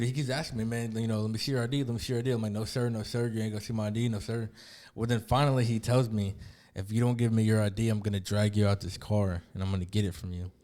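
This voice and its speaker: A young man co-hosting a casual podcast, telling a story about a police stop, swearing freely and acting out both sides. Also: fairly low pitch. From LaPorte area, US. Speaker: podcast host.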